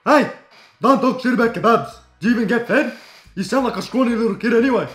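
A man's voice: extremely high pitch, echoey room. A man playing a hot-tempered Aussie gamer. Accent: Australian. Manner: boastful, quick to yell. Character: hot-tempered 25-year-old male gamer.

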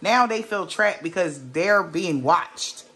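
A woman's voice: on the low side, animated, takes it slowly, fairly bright tone. A woman giving a casual tarot reading to a viewer, blunt and emphatic, swearing freely and firing off rhetorical questions. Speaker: tarot reader.

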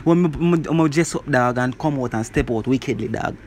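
A man casually reviewing a song, talking in an animated way and filling his lines with "bro" and "you see me". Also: medium pitch, a little fast, slight background noise. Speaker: music reviewer.

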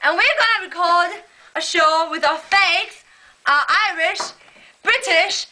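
A teenage girl clowns through a homemade video, slowly hamming up fake accents with a very high voice. Her tone is bright and sharp, and she keeps breaking into giggles as she goes. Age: teens. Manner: silly, giggly, mock-posh. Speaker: amateur video host.

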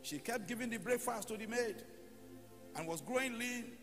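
A man's voice: very high voice, moderate pace, fairly bright tone. A male pastor preaching a sermon, telling short stories and leading the congregation in prayer. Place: church hall. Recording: long church hall reverb, faint music.

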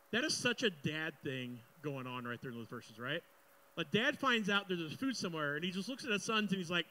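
A man's voice: fairly high pitch, fairly bright tone, poor audio. A young man preaching a sermon as pastor, reading scripture aloud and breaking into casual, joking asides.

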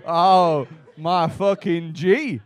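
A man's voice: fairly high pitch, steady tone, very slow. A young man doing stand-up crowd work, brash and teasing, with plenty of swearing, on a comedy club stage. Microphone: handheld stage mic.

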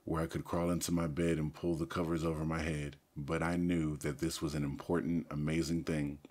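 A man with a very low, deep voice reads a story aloud in the first person. His delivery is steady and casual, like a teenager telling what happened. The narration is an audiobook reading.

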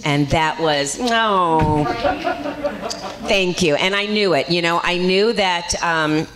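Actress guest on a convention panel, low-pitched woman, lively and rambling, telling stories to fans. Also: slow pace, crowd noise. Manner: chatty, rambling, lively storytelling.

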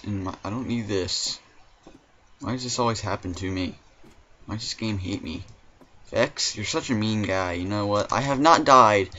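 Male gamer, deep-ish voice, exasperated complainer; dull lo-fi home mic. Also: a bit bright, a little hiss or hum. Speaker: gaming commentator. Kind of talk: let's play commentary.

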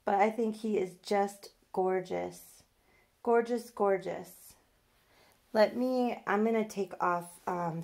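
A young adult vlogger chats through a box-opening video, cooing, squealing, and gushing about her new doll. Her medium-pitched voice is a little mellow, with vocal fry.

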